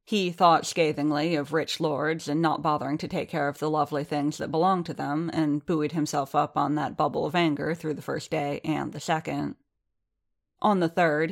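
Low-voiced woman narrating an audiobook. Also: gravelly. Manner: measured, steady storytelling. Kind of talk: scripted narration.

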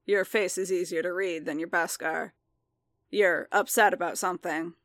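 Woman reading as a grave, quiet armored bounty hunter. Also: lowish voice, fairly even intonation, normal speed, no room sound. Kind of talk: audiobook fan fiction reading.

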